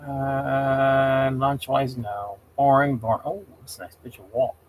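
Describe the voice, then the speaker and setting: A man's voice: medium pitch, flat delivery, a little slow, slight background noise. A man hosting a casual livestream, rambling, getting heated and exasperated as he talks. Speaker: livestream host.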